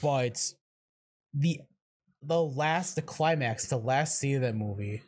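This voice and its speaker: A man co-hosting a casual horror podcast, excitable, swearing freely and trailing off into fillers. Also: medium pitch, slow pace. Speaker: podcast co-host. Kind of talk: casual chat.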